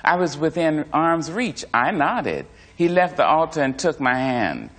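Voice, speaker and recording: A man reading a first-person memoir aloud in a measured, expressive way. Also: on the high side. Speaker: narrator.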